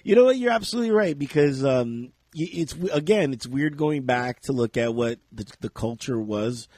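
Laughing, animated podcast host, dry sound. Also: male voice, medium pitch, moderate pace, no room sound. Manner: animated, laughs often, acts out his own reactions. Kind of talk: casual chat.

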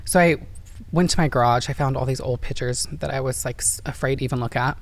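A woman's voice: extremely low pitch, fast talker. Woman, interview guest, earnest, emotional, open, heartfelt storytelling. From Indiana, USA.

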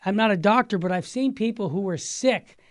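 A woman hosting a faith talk show responds with plain enthusiasm in a chatty way. Her voice sits at a middle pitch. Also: fairly quick.

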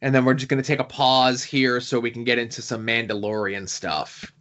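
A man's voice: medium pitch, level tone, brisk, a bit bright, muffled recording. A man co-hosting a podcast, chatting casually and rambling with many fillers and asides. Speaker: podcast co-host.

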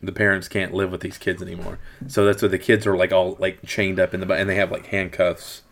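Deep-voiced rambling father reviewing a movie. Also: level tone, fairly quick, fairly bright tone. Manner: rambling, repeats words while thinking. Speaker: podcast host. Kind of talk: casual movie review chat.

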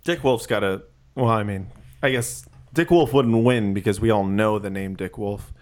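A man in casual podcast chat, animated and profane, laughing often. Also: lowish voice, moderate pace. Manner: animated, swearing, laughs a lot.

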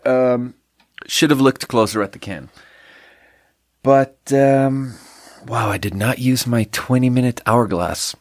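A man's voice: mid-range voice, takes it slowly, pauses often, darkish tone, no room sound, clean studio sound. A man hosting a podcast, chatting on his own while tasting a drink, rambling and mocking himself in an offhand way. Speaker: podcast host. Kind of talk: casual solo drink tasting chat.

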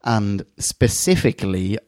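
A man's voice: lowish voice, expressive, unhurried, a little mellow, no echo, clean studio sound. A man co-hosting a casual review podcast from England, articulate and wordy, often laughing at himself. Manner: articulate, wordy, self-deprecating. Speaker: podcast co-host.

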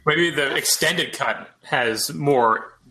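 A man's voice: fairly high pitch, slow pace, sharp tone, low-quality recording. A man co-hosting a casual movie riff, trading playful jokes with his co-host. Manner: playful, joking banter.

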